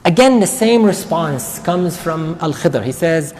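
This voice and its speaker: A man teaching a Quran study circle, retelling a story in a casual, conversational way with quick asides. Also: fairly high pitch, animated, a little mellow, a little hiss or hum. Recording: long reverb of a large hall.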